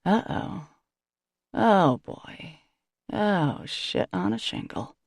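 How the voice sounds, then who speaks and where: A woman reading a novel aloud in the first person, with a wry, expressive delivery. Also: lowish voice, unhurried, vocal fry, dry recording, clean studio sound. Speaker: audiobook narrator.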